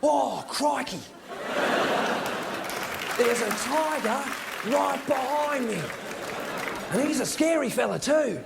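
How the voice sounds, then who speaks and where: Aussie bloke doing a loud excitable wildlife guy impression, high and shouty, crowd noise behind. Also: takes it slowly, vocal fry, long pauses, full character voice. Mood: bellowing. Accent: Australian. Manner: loud, over-the-top bellowing impression. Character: excitable wildlife presenter man, booming and eager. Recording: live stage with crowd and noise.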